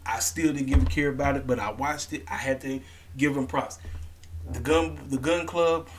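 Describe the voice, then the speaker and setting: A man rants in a casual vlog, blunt and slangy, hammering the same points again and again. His voice sits at an ordinary middle pitch. A faint hiss of background noise runs under the recording. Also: fairly even intonation, moderate pace. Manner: blunt, repetitive, emphatic, slangy. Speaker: wrestling commentary vlogger. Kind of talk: casual opinionated rant.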